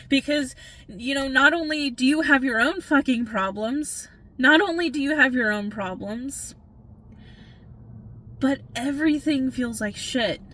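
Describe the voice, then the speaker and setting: Slow, earnest woman urging spiritual self-care. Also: on the high side, sharp tone. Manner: earnest, urging, repeats "okay?", swears for emphasis. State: tired from working all night. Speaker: spiritual reader. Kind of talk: impassioned spiritual pep talk.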